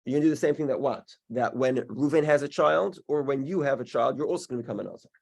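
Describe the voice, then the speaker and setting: A man leads a Talmud study class, talking through each case slowly and carefully. He stops and restarts his sentences often as he works out the reasoning aloud. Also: mid-range voice, gravelly, darkish tone. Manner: halting, many restarts, explains step by step. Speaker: Talmud teacher. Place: in-person class also streamed online.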